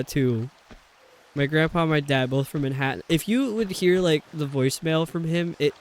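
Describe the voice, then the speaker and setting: Male streamer, faint New York accent, higher-set voice, rambling casual chat with frequent laughs. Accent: faint New York metropolitan. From New York City metropolitan area. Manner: chatty and rambling, laughs often. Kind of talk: casual chat while playing a video game.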